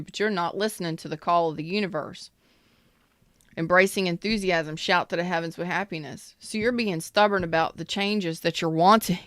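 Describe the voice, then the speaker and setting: A woman's voice: lowish voice, a bit bright, dry recording, studio quality. A woman giving a casual live-streamed tarot reading, talking bluntly, swearing now and then and greeting viewers by name. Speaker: tarot reader.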